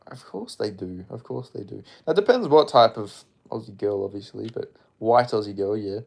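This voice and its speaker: A man's voice: fairly low pitch, animated, normal speed, creaky, hardly any pauses, darkish tone. A man streaming casually, rambling and swearing as he reads out viewer comments. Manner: rambling, frequent profanity, offhand. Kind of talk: casual livestream chat, reading comments aloud.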